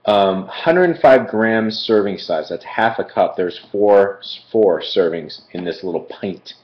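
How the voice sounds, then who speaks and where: A man's voice: lowish voice, lively intonation, slow. Chatty man reviewing frozen treats. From Philadelphia. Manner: chatty, rambling, digresses with fillers. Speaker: food reviewer. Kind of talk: casual live-stream food review. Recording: echoey room, dull lo-fi stream audio.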